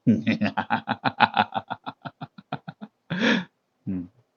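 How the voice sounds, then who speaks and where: A man's voice: on the low side, very animated, very slow, a bit bright, breathy edge, muffled recording. A man streaming, chatting casually and telling a story to his viewers, laughing often. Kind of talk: casual chat with chat readers.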